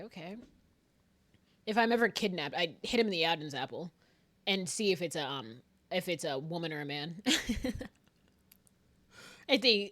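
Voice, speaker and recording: A young woman streaming a game, chatting casually, swearing freely, laughing and reacting loudly to what happens on screen. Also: mid-range voice. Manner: profane, giggly and animated, reacting out loud. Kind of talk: casual gaming commentary. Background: loud game music.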